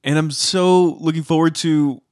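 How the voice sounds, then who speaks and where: A man's voice: on the high side, steady tone, moderate pace, a little mellow. Man casually co-hosting a podcast. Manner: conversational, plugs the show. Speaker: podcast co-host. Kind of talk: casual chat.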